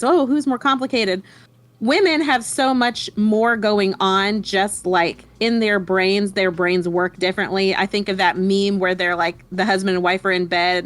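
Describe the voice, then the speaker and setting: A woman's voice: mid-range voice, fairly bright tone, dry recording. A middle-aged woman co-hosting a casual group chat, rambling and thinking aloud with fillers.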